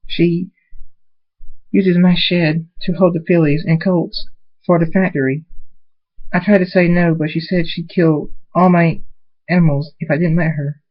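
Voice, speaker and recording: A man voicing a timid, gentle female pony in a fan-made story reading, soft and apologetic. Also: fairly high pitch, steady tone, measured pace, pauses often, pitched above the performer's own voice. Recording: dull lo-fi recording.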